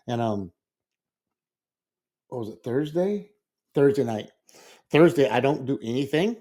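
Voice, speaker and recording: A man's voice: mid-range voice, lively intonation, normal speed, long pauses, warm tone. A middle-aged man telling a rambling story in casual podcast chat, acting out the quotes. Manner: rambling, repeats words, acts out quotes. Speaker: podcast co-host.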